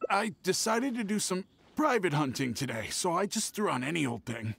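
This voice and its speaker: A gravelly shifty bandit. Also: male voice, high-pitched, very animated, moderate pace, fairly bright tone, no echo, heavily acted. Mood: pleading. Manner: evasive, turns defiant. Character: shifty male treasure hoarder faking injury. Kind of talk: game character dialogue.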